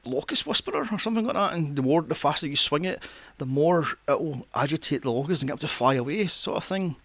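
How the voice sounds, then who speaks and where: A man's voice: on the high side, expressive, fast talker, a bit bright, no echo. A man co-hosting a podcast in casual chat, telling a story with lots of swearing and laughter. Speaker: podcast co-host.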